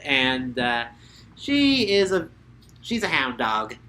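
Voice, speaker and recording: Podcast host, casual joking chat, bright tone, blunt and rambling. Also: medium pitch, sing-song, slow, a little hiss or hum.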